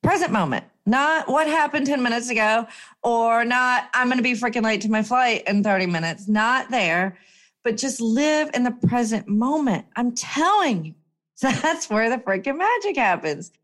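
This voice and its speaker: A woman telling a personal story in a chatty, emphatic way, her voice jumping up when excited. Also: moderate pace. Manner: chatty, animated, emphatic with swings up in pitch. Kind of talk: casual storytelling monologue.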